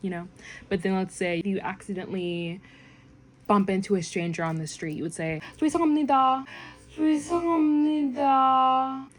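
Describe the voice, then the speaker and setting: A young woman casually teaching common phrases, chatty and rambling with lots of fillers, jumping up brightly when she quotes a phrase. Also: on the low side, little pitch movement, normal speed. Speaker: language learning vlogger. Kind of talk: casual language lesson.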